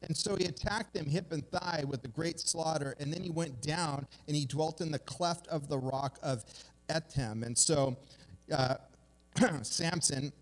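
A man preaching a casual, conversational sermon, telling stories with lively asides to his listeners. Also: fairly high pitch, measured pace. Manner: chatty, animated storytelling with "you guys" asides. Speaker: pastor. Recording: long hall reverb.

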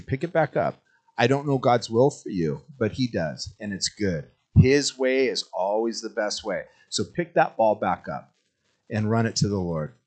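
A man preaching a sermon to his church in a relaxed, joking way. His voice sits mid-pitch, and he slips into playful little voices when he tells a story before turning earnest in prayer. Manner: jokey storytelling, acts out voices. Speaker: pastor. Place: church sanctuary.

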